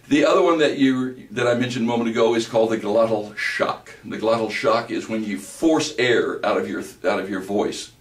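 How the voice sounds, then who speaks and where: Male voice coach, deep bass, steady lecturing tone; distant mic in a reverberant room. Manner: explanatory, measured teaching delivery. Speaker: voice instructor. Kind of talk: recorded lecture with vocal demonstrations.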